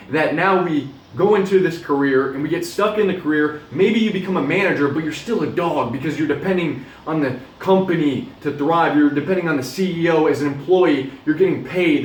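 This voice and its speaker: Earnest young man giving a pep talk, roomy sound. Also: a little high. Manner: earnest, exhortative, with casual swearing. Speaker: motivational vlogger. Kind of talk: motivational monologue. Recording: roomy, distant from mic.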